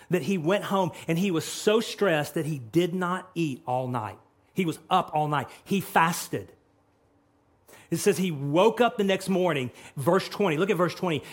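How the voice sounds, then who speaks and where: A male pastor delivering a sermon with dramatic flair, his voice sitting a little high for a man. He swings between hushed, earnest stretches and loud, animated retellings of scripture dialogue.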